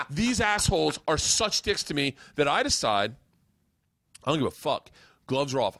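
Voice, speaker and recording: Profane, animated male comedian host. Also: mid-range voice, dry recording. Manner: profane, animated, swears freely. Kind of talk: casual storytelling.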